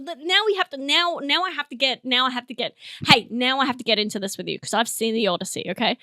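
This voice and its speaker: A woman's voice: high-pitched, sharp tone, no room sound, studio quality. A young woman hosting a comedy podcast, rambling and giggling through a monologue, teary from laughing. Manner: giggly, rambling, self-interrupting.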